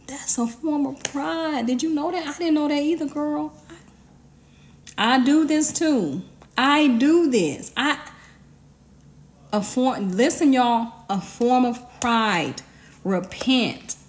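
A woman's voice: sits high, takes it slowly, a little hiss or hum. A woman giving an informal, emphatic sermon, talking conversationally with slang and repeated commands. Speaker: preacher.

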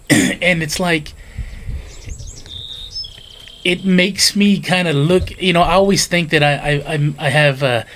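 A man's voice: on the high side, measured pace, a bit bright, slight background noise. A middle-aged man reflecting on his late brother in casual family conversation, bluntly and with some cursing. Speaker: brother sharing memories.

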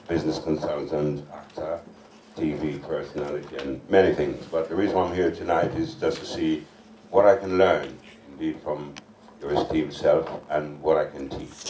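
Very deep, flat-voiced man. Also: a little hiss or hum. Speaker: panelist. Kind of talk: formal self-introduction. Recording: echoey hall, distant mic.

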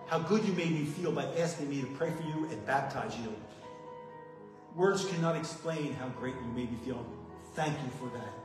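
A plain-spoken man tells his story with earnest conviction at a recovery meeting. His mid-pitched voice sounds like it is picked up from a distance in a very echoey hall. Music plays behind him. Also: normal speed. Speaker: guest speaker at a recovery meeting. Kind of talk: testimony speech.

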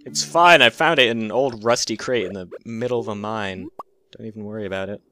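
Young male let's-play host, deeper voice, jokey, swears freely, easily excited. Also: fast talker, no room sound, faint music behind. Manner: excitable, profane, jokey, with sudden squeaky outbursts. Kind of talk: gameplay commentary.

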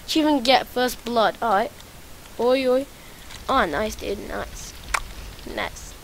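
A high-pitched woman narrating her own gameplay in a let's play. She is excitable, swears freely and loops the same phrases again and again. A faint hiss sits under her voice. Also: slow, vocal fry, pauses often. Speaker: gaming channel host.

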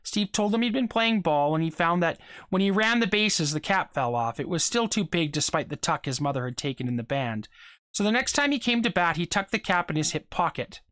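A reader narrating a short story aloud for a class, in a steady, measured way. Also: medium pitch, dry recording, studio quality.

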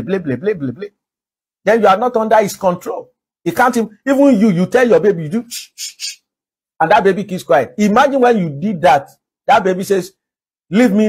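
A man with a Nigerian accent delivers a sermon in a somewhat high, husky voice. His preaching is emphatic, racing through some phrases and drawing others out slowly and deliberately. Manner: emphatic preaching, shifts between quick and slow deliberate delivery. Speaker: pastor.

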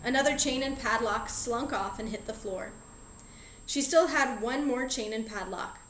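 A woman narrating a children's novel audiobook with clear, even storytelling. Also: on the high side, normal speed, reverberant, poor audio.

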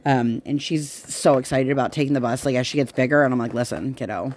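A woman's voice: very deep voice, steady tone, fast talker, darkish tone. A woman talks to her viewers while she works at a craft table at home. Her chat is loose and rambling, full of tangents and everyday fillers. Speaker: crafting vlogger.

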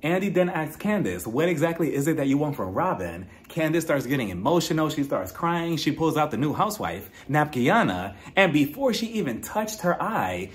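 A man's voice: on the high side, big pitch swings, moderate pace, few pauses. A man giving a blunt, opinionated casual recap of a reality TV episode, talking straight to his viewers. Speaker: reality TV reviewer.

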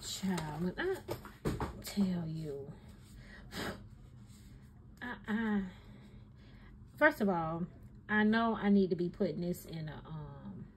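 A woman filming a casual stationery haul at her desk at home, talking straight to her viewers with animated exclamations. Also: on the low side, takes it slowly, long pauses, a little hiss or hum. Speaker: stationery vlogger. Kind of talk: casual chatty haul video.

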